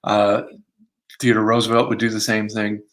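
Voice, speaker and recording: A man's voice: lowish voice, completely flat delivery, moderate pace, fairly bright tone. An American man reading from his book in an academic tone, with self-mocking asides and frequent fillers. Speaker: author giving a book reading.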